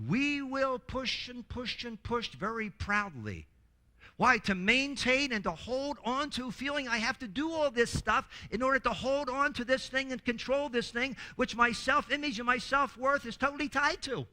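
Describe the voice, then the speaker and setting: A man presenting a workshop in a lively, humorous teaching talk who acts out quoted voices and often restarts his words. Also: very high-pitched, normal speed.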